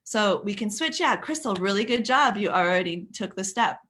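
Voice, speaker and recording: A woman's voice: mid-range voice, expressive, moderate pace, fairly bright tone, a little hiss or hum. A woman leading a live parenting workshop who chats with viewers by name, often restarting her sentences. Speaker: parenting coach.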